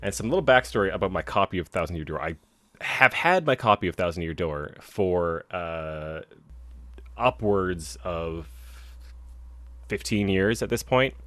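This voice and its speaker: A man's voice: low-pitched, expressive, a little slow, a bit bright, dry recording. A young man co-hosting a video game podcast, chatting casually and rambling with lots of restarts. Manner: rambling, many fillers and restarts. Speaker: podcast co-host. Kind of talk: casual chat.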